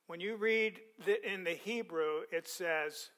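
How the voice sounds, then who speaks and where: A man preaching a sermon, reading scripture aloud, repeating words for emphasis and letting his voice fall softly at the ends of phrases. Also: high-pitched. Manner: repeats words for emphasis, quick conversational asides.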